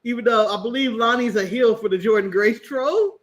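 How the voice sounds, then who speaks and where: A man's voice: very high voice, fairly quick, a bit bright. An American man co-hosting a casual wrestling talk show, laughing often and stammering through restarts. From United States. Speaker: podcast co-host.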